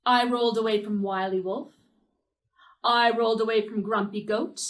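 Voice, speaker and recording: A woman's voice: a little high, fairly even intonation, moderate pace, recorded from a distance, natural voice. A woman voicing a proud runaway pancake in a children's story, chanting its boast in a sing-song way. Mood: boastful.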